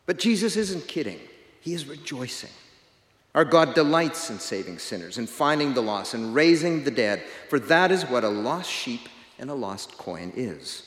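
A man preaching a sermon, swinging from loud emphasis to quiet, hushed endings. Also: medium pitch. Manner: animated, rising for emphasis, dropping to quiet at ends. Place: large church. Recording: echoey church reverb.

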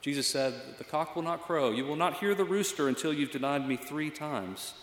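A man's voice: fairly high pitch, moderate pace. Man preaching in an echoey hall. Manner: reflective, conversational preaching with fillers. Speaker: pastor. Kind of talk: sermon.

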